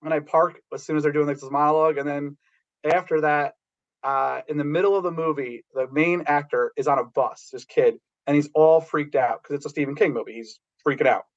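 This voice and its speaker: A middle-aged man telling rambling, animated anecdotes about working as a background actor, with many restarts. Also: on the high side, fairly quick, muffled recording.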